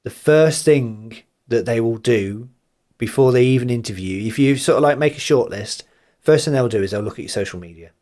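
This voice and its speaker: A man's voice: mid-range voice, normal speed. Teasing man, podcast co-host. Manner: animated, mimics other people's voices for laughs. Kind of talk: casual chat.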